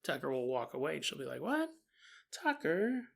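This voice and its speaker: A woman's voice: rumbling low, fairly even intonation, rapid-fire, vocal fry, slightly rough. A woman hosting a podcast, telling a paranormal story in a chatty, joking way and acting out the people in it. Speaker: podcast host. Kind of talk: casual paranormal story narration.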